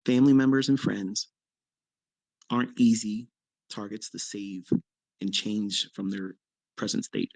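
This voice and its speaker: Man, fifties, mentor telling a story: blunt, swears freely, punches lines with sharp pitch jumps; dry, close sound. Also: unhurried, pauses often, no echo. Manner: blunt and profane, with sudden emphatic jumps in pitch. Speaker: trading mentor. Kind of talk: casual storytelling on a live audio chat.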